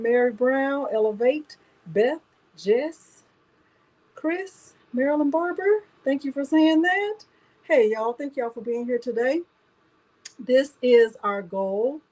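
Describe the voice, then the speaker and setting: A woman's voice: fairly high pitch, a little mellow, rough recording. A woman hosting a casual craft livestream, chatting and greeting viewers by name one after another.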